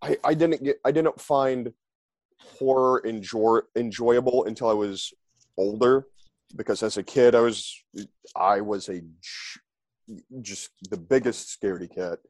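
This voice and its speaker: Speaking unhurriedly in a mid-range, darkish voice with no room sound, this forties-aged man is a remote podcast guest. His casual chat wanders, and he slips into silly voices to land jokes.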